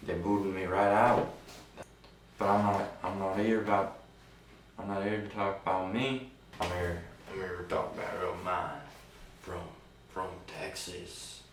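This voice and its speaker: A man's voice: low-pitched, flat delivery, measured pace, long pauses. A man playing a boastful, deposed self-proclaimed king with a mock French accent, rambling and self-important, recorded distant in a noisy, roomy space.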